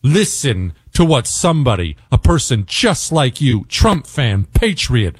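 A man's voice: medium pitch, very animated, a little slow, husky, no echo, studio quality. A man hosting a talk radio show, giving an angry, emphatic political monologue and repeating words for stress.

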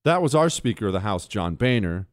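A man hosting a political talk show, ranting in an exasperated, animated way. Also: on the low side, a little fast, some chatter behind, a little hiss or hum. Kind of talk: opinionated commentary.

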